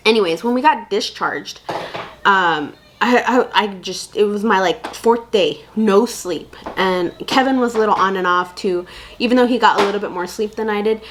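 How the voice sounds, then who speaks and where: A woman's voice: mid-range voice, normal speed, a bit bright, slight background noise. A young woman vlogging candid parenting advice in a casual, chatty way, full of fillers and asides. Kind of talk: casual chat to camera.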